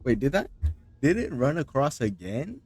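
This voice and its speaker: A man's voice: a little high, sing-song, normal speed, a little mellow, breathy edge, no echo. A man streamer casually reacting to a video, laughing at it and mocking it in loose, rambling speech.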